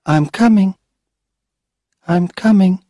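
A man's voice: takes it slowly, mellow, no room sound, clean studio sound. A man voicing a pleading little ghost girl. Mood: longing. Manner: high, pleading, childlike. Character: ghost of a sad little girl longing for her mother.

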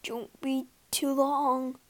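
A woman's voice: on the high side, lively intonation, drawn-out words, full character voice. A woman voicing a nervous, thin male assistant in a storybook reading, timid and stammering.

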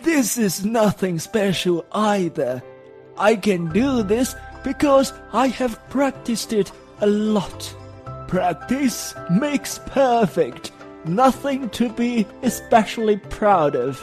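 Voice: medium pitch, lively intonation, takes it slowly, faint music behind. A narrator voicing a humble old male oil peddler who speaks modestly and plainly.

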